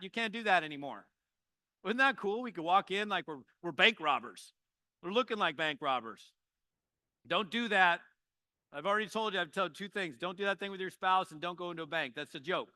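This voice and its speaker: A man in his fifties who trains network marketers, giving a motivational talk to an audience with joking, animated storytelling. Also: high voice, smooth, no room sound.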